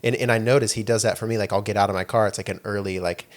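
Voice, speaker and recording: A man's voice: on the low side, fairly even intonation, rapid-fire. A young adult man hosting a podcast in casual chat, rambling and leaning on "like" and "you know". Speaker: podcast host.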